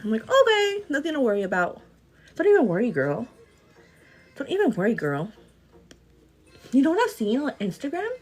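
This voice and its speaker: A woman's voice: a little high, husky. A young pregnant woman from El Paso, chatting giggly and casually on her morning livestream. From El Paso, Texas. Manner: giggly, chatty, often says girl. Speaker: livestream host.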